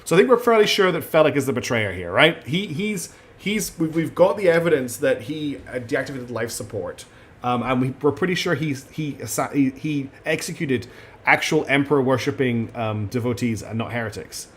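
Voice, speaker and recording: A man's voice: medium pitch, lively intonation, moderate pace, a bit bright, slight background noise. A man streaming a video game, chatting casually, hesitating with ums and restarts as he reads the game's text aloud. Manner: chatty, many ums and restarts, apologetic asides. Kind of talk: casual gameplay commentary, reading dialogue aloud.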